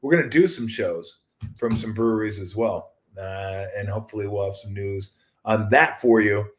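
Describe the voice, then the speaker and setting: A man's voice: fairly low pitch, normal speed. A middle-aged man hosts a casual sports talk show on his own. His delivery rambles and jokes, and he slips into little acted-out voices of other people along the way. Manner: rambling, jokey, acts out quoted voices.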